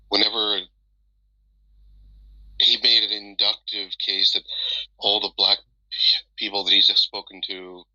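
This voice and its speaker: A man chatting casually, speaking haltingly and correcting himself. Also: fairly low pitch, bright, forceful tone, dry recording. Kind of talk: casual chat. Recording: dry, dull lo-fi app audio.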